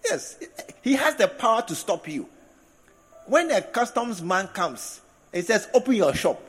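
Somewhat slow and husky, a preacher's high, energetic voice swoops through his sermon, punctuated by laughing asides and drawn-out key words. The distant recording comes from a large congregational hall, with long reverberation and soft music in the background.

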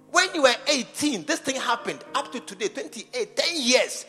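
Animated high-voiced Ghanaian preacher. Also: male voice, moderate pace, few pauses. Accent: Ghanaian English. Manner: animated, repeats phrases, swings from loud emphasis to near-whispers. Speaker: archbishop preaching. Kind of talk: sermon. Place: church. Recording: church hall reverb with faint music.

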